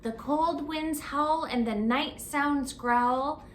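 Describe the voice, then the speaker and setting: Reading a picture book to children very slowly and without hurry, a woman librarian keeps stopping to quiz her young audience. Her fairly high voice echoes in a roomy space over faint background noise during this story-time read-aloud.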